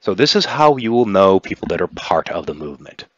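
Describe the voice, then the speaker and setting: A man narrating as game master in a relaxed, rambling way. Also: low-pitched, a little fast, dry recording. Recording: dull dry lo-fi recording.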